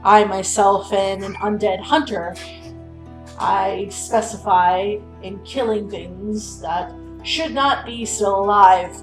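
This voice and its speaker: A woman's voice: mid-range voice, echoey room, natural voice, poor audio. A woman voicing a buff half-orc ranger who hunts the undead, speaking bluntly.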